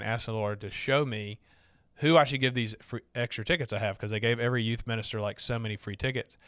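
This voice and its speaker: A man's voice: medium pitch, fairly bright tone, clean tone, no room sound, clean studio sound. A middle-aged man from Alabama with a Southern accent, casually telling a personal story, chatty and full of fillers and restarts.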